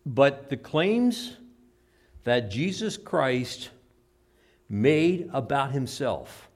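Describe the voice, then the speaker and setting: A male pastor preaches a sermon in a mid-range voice. His delivery is animated, rising to loud, emphatic lines and dropping to low, quiet asides. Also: extremely slow.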